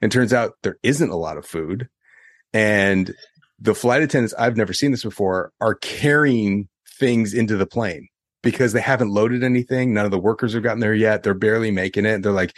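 A young man co-hosting a podcast, telling a story in a casual, animated way and acting out the quotes. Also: on the low side, brisk, no room sound, studio quality. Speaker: podcast co-host.

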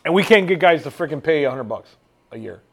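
Brief: high-voiced male podcast co-host, heated and rambling, lively pitch. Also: fast, slightly rough. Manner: heated, rambling, lots of fillers and restarts. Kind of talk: casual chat.

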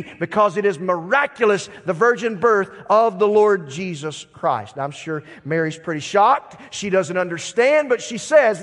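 A middle-aged man preaching a sermon, moving between quiet, conversational asides and emphatic declarations. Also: high voice, animated, unhurried, hardly any pauses, big-room sound. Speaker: pastor.

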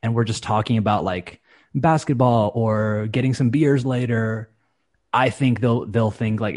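A little slow and medium in pitch, the voice belongs to a man, an English teacher, chatting casually on a podcast. He brings quoted speech to life in an animated way, shifting voices.

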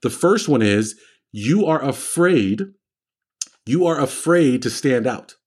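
Man, husky voice, study coach, livestream talk, lively storyteller, mimics quoted voices. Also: mid-range voice, takes it slowly.

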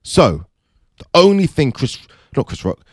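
A man vlogging, telling his theory in a chatty, animated way with many fillers. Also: on the high side, measured pace, slightly rough, no echo, studio quality. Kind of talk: casual commentary monologue.

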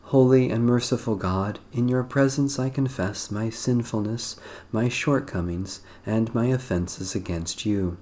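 A man reading an evening prayer service aloud in a measured, solemn liturgical manner. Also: mid-range voice, a little mellow. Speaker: prayer leader. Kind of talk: slow recited evening prayer.

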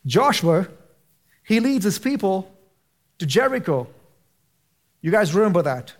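Male pastor, high-pitched, passionate sermon delivery with casual slang. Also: very animated, unhurried. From United States. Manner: impassioned, rising to near shouting at peaks; casual slang mixed into preaching.

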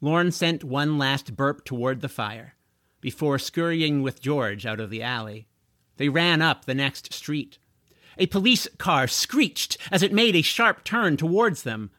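A man narrating a chapter of a children's fantasy audiobook in a slow, expressive storytelling manner. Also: fairly high pitch, no echo, clean studio sound.

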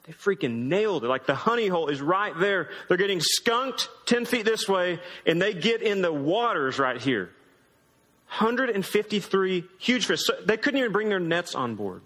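A man's voice: sits high, animated, normal speed, sharp tone, big-room sound. A man in his thirties preaching a sermon in a casual, joking storytelling way. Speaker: pastor.

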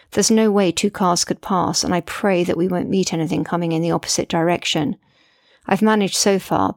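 A woman's voice: lowish voice, dry recording, studio quality. A middle-aged woman, a mother, narrating her memoir in an earnest, reflective way.

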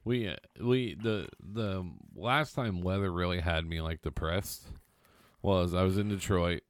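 A man's voice: low-pitched, unhurried, dry recording. A man co-hosting a podcast in casual chat, rambling through anecdotes and often restarting his sentences. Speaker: podcast co-host.

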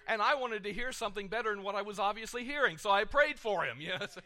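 A middle-aged male pastor giving an animated sermon, dropping soft then surging loud, with repeated words. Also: sits high, quick pace.

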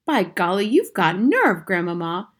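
A woman reading aloud, voicing an excitable young boy who talks high, loud and urgent. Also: measured pace. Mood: curious, eager.

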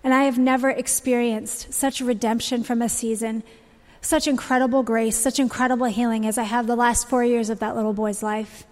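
A woman in her thirties tells her story in an earnest, heartfelt way, her voice sitting a little high. The sound carries a long reverb from a large church auditorium. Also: level tone, normal speed. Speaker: speaker sharing a testimony. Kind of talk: church testimony talk.

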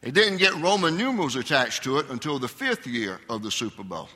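Here an older pastor's medium-pitched voice moves fairly quickly with lively intonation and a sharp tone. He preaches conversationally on a Sunday, quizzing his congregation. The sanctuary recording has a long hall reverb.

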